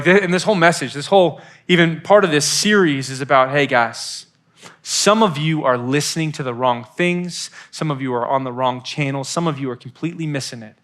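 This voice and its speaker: A man in his thirties giving a youth sermon, telling stories in a lively way and acting out voices on the phone. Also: fairly high pitch. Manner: animated storytelling with acted-out phone voices. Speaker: youth pastor.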